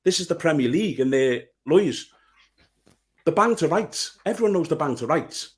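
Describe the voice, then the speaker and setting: A man's voice: fairly high pitch, expressive, moderate pace. A man co-hosting a football podcast, blunt and heated, swearing freely as he rants. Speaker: podcast co-host. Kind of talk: casual football chat.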